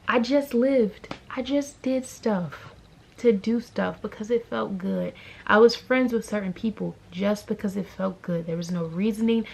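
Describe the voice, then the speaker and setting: A young woman vlogging in a casual, animated and opinionated way. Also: medium pitch, creaky. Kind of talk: casual talking-head vlog.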